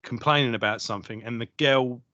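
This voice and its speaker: Guy on a podcast, swears a lot, bright voice, bouncy pitch, dry kinda muffled sound. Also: a little fast, no room sound. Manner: chatty, laughing, sweary storytelling. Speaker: podcast co-host. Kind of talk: casual chat. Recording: dry, slightly dull lo-fi sound.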